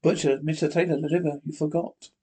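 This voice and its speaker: A man's voice: on the high side, flat delivery, fast, mellow, breathy edge. A man reading the part of a chatty, nosy butcher who speaks in broken English with folksy exclamations. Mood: teasing.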